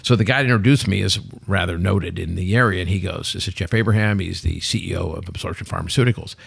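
A man in his sixties, a company head guest on a podcast, telling stories in an animated, emphatic, salesman-like way. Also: sits low, quick pace, vocal fry, slightly rough, dry recording. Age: 60s. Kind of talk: casual interview chat.

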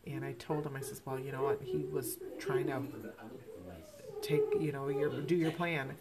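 Low-voiced woman telling a painful story. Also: fairly even intonation, very noisy. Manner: emotional, halting, many fillers and restarts. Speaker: podcast host. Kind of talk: personal storytelling.

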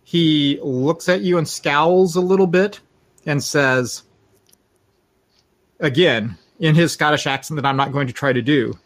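A man narrating a tabletop role-playing game as game master, quick and matter-of-fact. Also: a little high.

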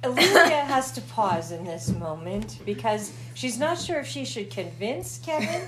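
A woman's voice: on the high side, very animated, a little slow, over a noisy crowd, rough recording. A woman playing a tabletop game, narrating her character in third person with amusement. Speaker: player. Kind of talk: casual tabletop play.

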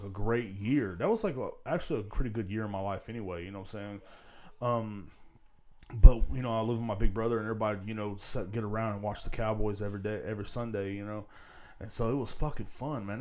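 Low-voiced man rambling on a podcast. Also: darkish tone. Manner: profane, keeps repeating "you know what I'm saying". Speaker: podcast host. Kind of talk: casual rambling solo podcast monologue. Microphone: podcast microphone.

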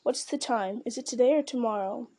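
A woman's voice: on the high side, fairly quick, mellow, natural voice. A woman reading a blunt, loyal servant. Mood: grudging. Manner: homely, protective, a bit gruff. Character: loyal plain-spoken male servant, stubborn and blunt. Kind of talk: audiobook reading.

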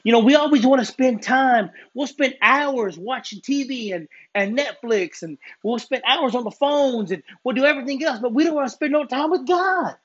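Husky earnest preacher, dull recording. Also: high-pitched, expressive, moderate pace, hardly any pauses. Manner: earnest, stumbling restarts, gym talk. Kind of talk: informal sermon.

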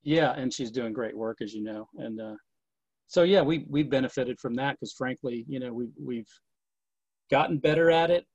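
A man's voice: medium pitch, normal speed, a little mellow, slightly rough, no echo, highs cut off. A man in casual conversation about running a historic distillery, rambling with many fillers and restarts.

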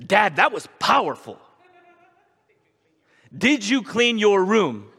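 A man's voice: sits high, sing-song, moderate pace, a bit bright, long reverb tail, exaggerated voice. A man voicing an earnest, evasive teenage daughter who keeps explaining instead of cleaning her room, with a self-justifying ramble, in a sermon.

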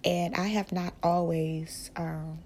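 A woman hosting a casual spiritual podcast, speaking softly and often slipping into a whisper, rambling with restarts. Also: lowish voice, little pitch movement, takes it slowly, slight background noise. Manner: soft-spoken, often drifting into a whisper. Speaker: podcast host.

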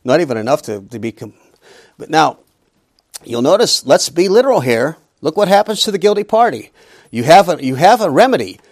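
A man's voice: on the high side, sing-song, a little fast, dry recording, studio quality. A middle-aged man teaching a Bible lesson in an emphatic preaching style, with humorous asides.

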